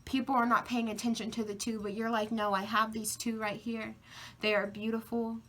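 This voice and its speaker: A woman's voice: a little high, little pitch movement, normal speed, fairly bright tone. A woman doing a pick-a-card tarot reading, with emphatic, repeated affirmations and casual swearing. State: tearful, emotional. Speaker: tarot reader.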